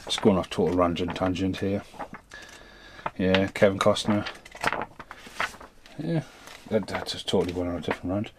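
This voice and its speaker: A man's voice: low voice, normal speed, long pauses, background noise. A man in his thirties or forties doing an unscripted film review rant, rambling, swearing freely and drifting off on tangents.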